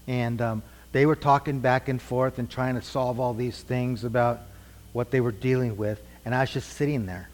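A man's voice: mid-range voice, steady tone, moderate pace, darkish tone. A middle-aged man teaching a church group conversationally, asking questions and repeating their answers. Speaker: preacher teaching a class. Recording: long hall reverb.

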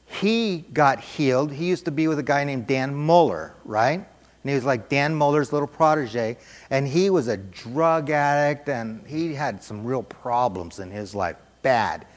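A man's voice: mid-range voice, a little slow, in a large hall. Man preaching, storytelling emphatically. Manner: animated storytelling with emphatic repetition. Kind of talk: sermon.

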